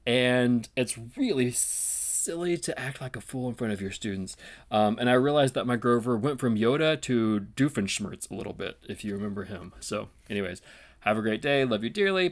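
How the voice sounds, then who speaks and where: A male teacher speaks to camera in a relaxed, rambling way, full of ums and uhs. His pitch moves lively up and down as he gives tips for the classroom. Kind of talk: casual instructional video.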